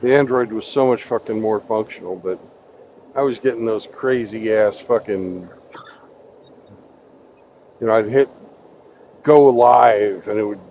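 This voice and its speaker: A man chatting loosely and full of profanity, his voice at a middling pitch. The sound is dull and lo-fi, with a faint hiss of ambience behind it. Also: a little slow, long pauses, darkish tone. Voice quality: coarse, profane, joking. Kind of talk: casual chat on a live stream.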